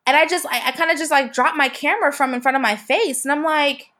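A woman's voice: high voice, fast, few pauses, sharp tone. Young woman guest, chatty storyteller, talks in loose restarting sentences. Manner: chatty, with many fillers and restarts. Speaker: photographer and podcast guest. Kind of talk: casual storytelling.

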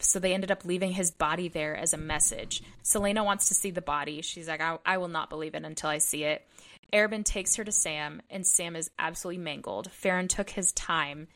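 A woman's voice: lowish voice, bright, forceful tone. A woman co-hosting a book club podcast, retelling the plot in casual chat, dramatic and openly emotional.

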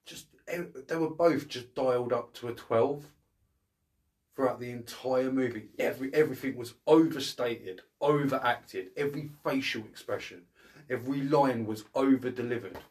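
A man in casual podcast chat, blunt and heavy on the swearing. His voice sits at an ordinary middle pitch as he rants. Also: normal speed, a little mellow. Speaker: podcast co-host. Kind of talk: casual film review chat.

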